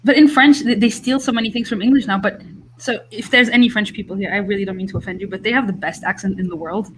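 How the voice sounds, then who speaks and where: A multilingual woman chats on a video call, animated and quick to laugh, her voice sitting at an ordinary middle pitch. A light hiss runs underneath. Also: rough recording. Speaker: book channel creator. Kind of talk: casual group video call discussion.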